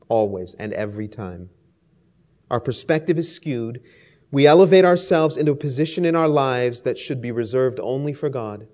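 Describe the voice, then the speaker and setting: A man's voice: mid-range voice, a little mellow. Emphatic male preacher. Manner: emphatic, rhetorical lists, storytelling. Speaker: pastor. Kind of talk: sermon.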